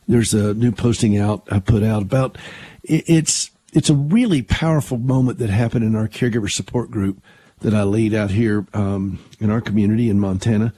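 Husky older man hosting talk radio. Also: lowish voice, fairly quick, mellow, no room sound. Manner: earnest, conversational, with frequent restarts. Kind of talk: conservative Christian talk radio.

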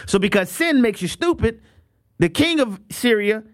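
A man's voice: high voice, sing-song, moderate pace, no room sound, studio quality. A man preaching a sermon on the radio and making a fundraising appeal, emphatic and given to repeating words as he restarts.

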